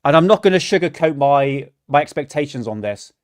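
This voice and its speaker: A livestream host rants in exasperation during a reaction stream, his fairly high voice expressive and quick. He swears and stammers, restarting his sentences again and again.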